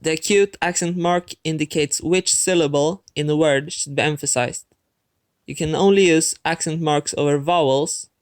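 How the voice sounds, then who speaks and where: In a slightly high voice, a man teaches a language lesson, addressing the viewer directly with clear, methodical scripted narration.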